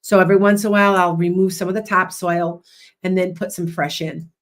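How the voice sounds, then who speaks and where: A woman hosting a livestream as a psychic and hypnotist, chatting loudly and rambling with many restarts. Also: fairly low pitch, level tone, a little fast.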